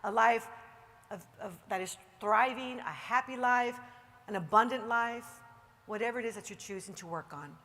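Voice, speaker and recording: Energetic woman speaker in an echoey hall. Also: on the high side. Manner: energetic and emphatic, then slow and soothing when guiding relaxation. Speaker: motivational speaker leading a guided meditation. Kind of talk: live motivational talk to an audience. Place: large hall with an audience.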